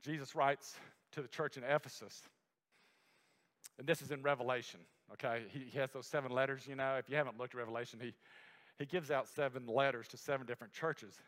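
A man preaching a sermon, swinging from loud emphasis to a hushed near-whisper and slowing down to stress key words. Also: medium pitch, steady tone. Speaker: pastor. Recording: long hall reverb.

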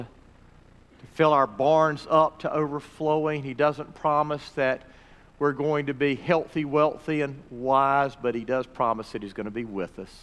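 Man preaching in a reverberant hall. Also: medium pitch. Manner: preaching with swelling emphasis, dropping to soft pleas. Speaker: pastor. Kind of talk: sermon.

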